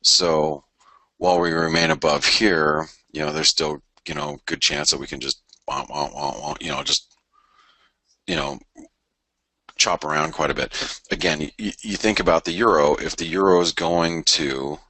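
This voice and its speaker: A middle-aged man with a very deep voice talks through the markets live, rambling and tripping over restarts as he thinks aloud. His tone is bright and forceful, and the sound is dry and close with no room around it. He keeps it casual, like a host chatting to regular viewers. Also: fairly even intonation, moderate pace, no room sound. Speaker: forex trading show host.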